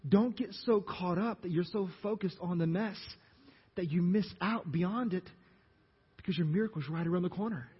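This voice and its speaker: Pastor with a Louisiana accent, raised voice and husky tone; animated sermon, questions thrown to the congregation, dull audio with long reverb. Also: male voice, high voice, normal speed. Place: church sanctuary.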